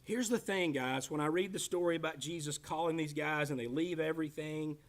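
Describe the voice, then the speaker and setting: A man in his fifties with a drawl leads a Bible class. His voice sits high for a man. He jokes, teases, and calls on people in the room as he talks. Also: a little fast. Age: 50s. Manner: joking, animated, teasing the class by name. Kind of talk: casual Bible class teaching.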